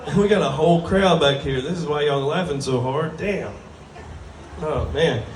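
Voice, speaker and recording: A man's voice: a little high, normal speed, slight background noise. A man with a drawl doing a crude, self-mocking stand-up set on a bar stage before a live crowd. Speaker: stand-up comedian. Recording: roomy bar sound from a distant mic.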